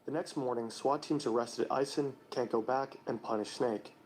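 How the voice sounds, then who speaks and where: A male narrator reading a scripted documentary narration in a measured, even delivery. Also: mid-range voice, slight background noise, low-quality recording.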